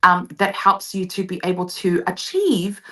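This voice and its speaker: A woman vocal coach explains her method with eager energy in a live show interview. Her voice is bright and forward, and she slips into short sung phrases to demonstrate. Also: lowish voice, sing-song, normal speed. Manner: enthusiastic explaining, sings short demo phrases.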